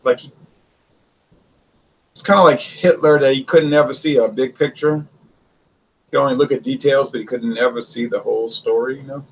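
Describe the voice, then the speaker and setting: A man's voice: mid-range voice, fairly even intonation, normal speed, pauses often, dull audio. A man giving a casual spoken history commentary, chatty and conversational, asking rhetorical questions and answering them himself. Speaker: history video host.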